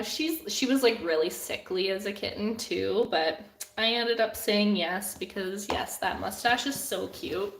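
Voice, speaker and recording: A woman's voice: mid-range voice, moderate pace, creaky, roomy sound. A young woman, an artist hosting a live Q&A stream from home, chatting casually and giggling, with lots of "like" fillers. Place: at home with her cats. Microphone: camera on a desk.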